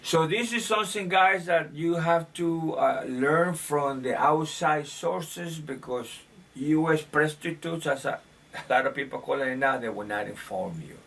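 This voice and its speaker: A man's voice: fairly high pitch, a little slow, creaky, a bit bright. Opinionated man rambling off-mic. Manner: opinionated, rambling, with filler restarts. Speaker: commentator. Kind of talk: casual monologue on current events. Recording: distant mic, faint room ambience.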